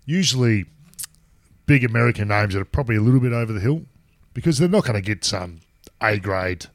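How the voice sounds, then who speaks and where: A man's voice: lowish voice, expressive, fairly quick, no echo. A man co-hosting a podcast chat, blunt and opinionated. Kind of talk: casual chat.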